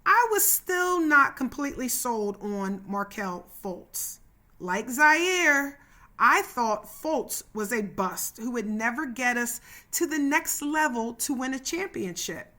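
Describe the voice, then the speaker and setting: Slow-talking, high-voiced woman podcast host. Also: animated, pushed and bright. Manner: chatty, addresses listeners as y'all. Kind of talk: scripted podcast narration.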